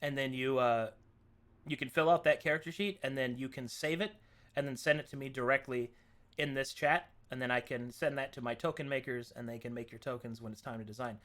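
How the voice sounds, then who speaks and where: A man's voice: mid-range voice, fairly quick. A man acting as game master, casually explaining character setup for a tabletop game. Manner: relaxed, explaining rules.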